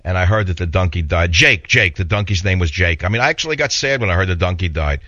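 Indignant talk radio guy rambling on, low voice, dry close sound. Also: animated, quick pace, pushed and bright, no echo. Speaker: radio talk show host. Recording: dull lo-fi radio broadcast.

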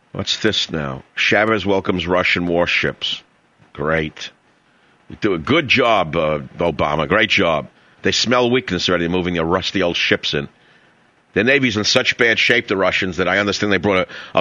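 Sarcastic New York talk radio host. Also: male voice, low-pitched, bright, forceful tone, no room sound, highs cut off. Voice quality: sarcastic, mocking, brash.

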